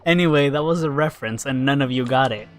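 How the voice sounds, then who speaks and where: A man chatting casually while streaming a video game, rambling and swearing, breaking into laughs and sudden excited yells. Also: medium pitch, quick pace. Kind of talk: casual live-stream chat while gaming.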